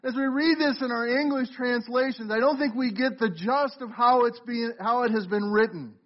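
A man's voice: very high voice, normal speed, highs cut off. A middle-aged man preaching a sermon as pastor of a church, talking conversationally and putting questions to the congregation. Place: church sanctuary.

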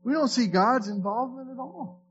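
A man's voice: extremely high pitch, animated, normal speed, muffled recording, slight background noise. A man preaching a sermon in a conversational way, reading scripture aloud and often restarting his words. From Florida. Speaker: pastor.

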